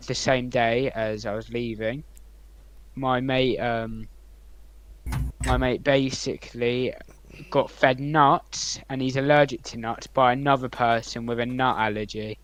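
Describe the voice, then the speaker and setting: A young man co-hosting a podcast, rambling through anecdotes with many ums and likes and swinging between loud and quiet. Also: mid-range voice, steady tone, a little slow, a little hiss or hum, low-quality recording. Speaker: podcast co-host. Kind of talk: casual storytelling chat.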